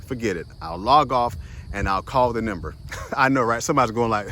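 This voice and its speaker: A man's voice: mid-range voice, fairly quick, background noise. Chatty young man telling a story. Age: young adult. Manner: animated, chatty, addresses viewers directly as "y'all" and "guys"; laughs often and acts out voices in his story. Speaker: host of a short motivational video series. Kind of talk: casual storytelling monologue.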